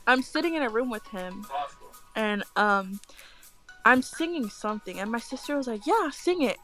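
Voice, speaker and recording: Young woman ranting casually, swears a lot, higher voice, faint music behind. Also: lively intonation, moderate pace, pushed and bright. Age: young adult. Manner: blunt, profane, acts out quoted lines. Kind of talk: casual storytelling chat.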